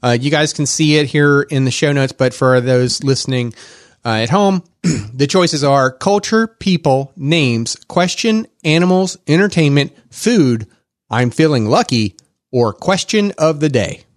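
A man hosting a podcast in casual chat, rambling with lots of fillers and quick laughs. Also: a little high, expressive, no echo, clean studio sound. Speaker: podcast host.

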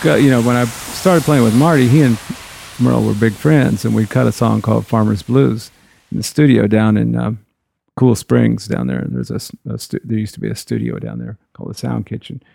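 A man's voice: mid-range voice, fairly even intonation, fairly quick, vocal fry, a little mellow, slightly rough, no echo. A man, a guitarist, telling rambling stories from the road in a loose, conversational way. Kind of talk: anecdotal storytelling.

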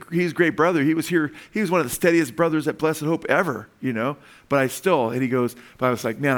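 A man preaching a sermon, emphatic and heartfelt, often tagging lines with "amen?" and "you know", and stumbling over repeated words when moved. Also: a little high. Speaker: pastor.

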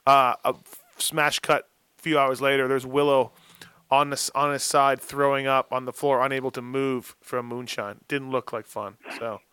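A jokey male host who cuts in on his guests with playful ribbing. His voice is bright and smooth, and the sound is dry and close to the mic. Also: mid-range voice, flat delivery, moderate pace, no echo. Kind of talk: casual chat, teasing banter.

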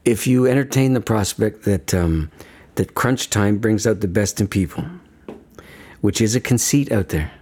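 A man's voice: on the low side, moderate pace, darkish tone. A man speaking as a guest in an interview, talking earnestly and emphatically, often stopping to check "okay?" with restarts along the way. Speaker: guest speaker on death and dying. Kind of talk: reflective conversational talk.

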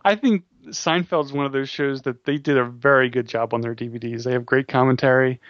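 A man's voice: mid-range voice, steady tone, a little fast, fairly bright tone, dry recording. Man with dry remarks on a podcast. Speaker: podcast co-host. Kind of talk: casual late-night chat. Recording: dull lo-fi dry recording.

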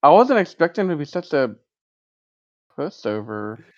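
Lively-pitched co-host, dry lo-fi sound. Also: normal speed. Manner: short reactive replies, dry remarks. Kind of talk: casual chat. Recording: dry, dull lo-fi audio.

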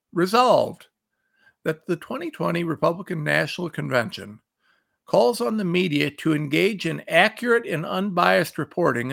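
A fairly high, gravelly man's voice with a fairly bright tone. He hosts a political commentary show from Ohio, angrily ranting and reading quotes aloud between insults in a fired-up monologue.

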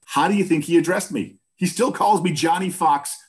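A man's voice: on the high side, normal speed. A man in his fifties from Boston, a former news broadcaster, telling stories in a casual interview and acting out other people's voices. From Boston, USA. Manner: animated storyteller who acts out other people's voices.

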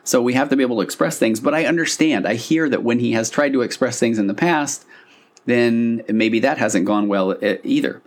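A couples therapist with a mid-range voice explains a therapy concept to listeners at a brisk pace. His delivery is loose and conversational, full of fillers and restarts.

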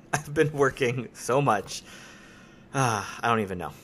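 Tired, self-mocking podcast host. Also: male voice, medium pitch, lively intonation, takes it slowly, fairly bright tone, slight background noise. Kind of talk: casual chat.

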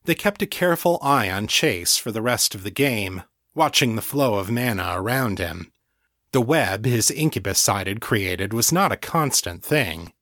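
A man narrating a fantasy novel in a calm, measured way, close to the mic. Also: fairly low pitch, no room sound. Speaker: audiobook narrator. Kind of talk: scripted narration.

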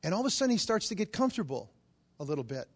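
A middle-aged man preaching and telling a story in an animated way, acting out the voices of the people in it. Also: high-pitched, racing, slightly rough. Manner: animated, acts out quoted voices. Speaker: Catholic charismatic preacher. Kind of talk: storytelling sermon.

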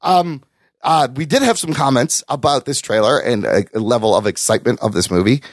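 A man's voice: medium pitch, a little fast, no room sound, clean studio sound. A man co-hosting a podcast, chatting casually with plenty of swearing and reading out listener comments. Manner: animated, profane banter, reads listener comments. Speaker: podcast co-host. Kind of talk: casual chat.

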